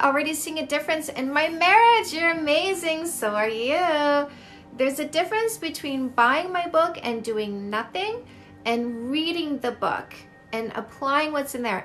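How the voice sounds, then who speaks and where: A woman's voice: high-pitched, gravelly, fairly bright tone. A woman dating coach answering viewer questions on a live stream, reading each question out and giving frank advice. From Canada. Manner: reads viewer questions aloud and answers directly; baby talk to her dog.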